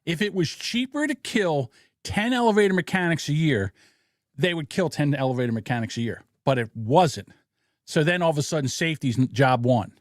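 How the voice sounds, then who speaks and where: A man's voice: fairly high pitch, a little fast, no echo, clean studio sound. A man hosting a casual political podcast, telling blunt, profane stories about corporate greed. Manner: blunt, profane, animated storytelling. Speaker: podcast host.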